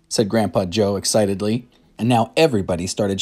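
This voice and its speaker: A man reading a children's book aloud, with lively narration and a gentle, soft sign-off to a young listener. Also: on the low side, moderate pace, slightly rough. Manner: lively reading with loud, excited character voices. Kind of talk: read-aloud storytelling.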